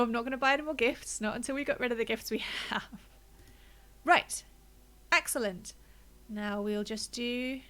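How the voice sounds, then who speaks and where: Slightly high and a bit bright, this woman's voice carries casual commentary as she plays a game on stream. She talks through her choices and thinks aloud, a little out of breath and with a blocked nose.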